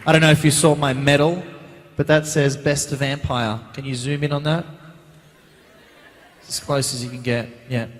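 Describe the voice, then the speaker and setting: A man, answering fan questions as a guest actor on a convention panel, chatty and animated, recorded on a handheld mic in a large hall. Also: medium pitch, normal speed, long pauses, slight background noise. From Australia. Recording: reverberant hall.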